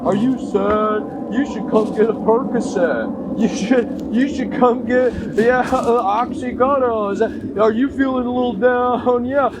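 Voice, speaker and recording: Man doing a pushy ad pitchman, mocking, sing-song, high voice. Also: measured pace, hardly any pauses. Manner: sarcastic sing-song mockery. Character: mocking male drug-ad pitchman, breezy and pushy. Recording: noisy background.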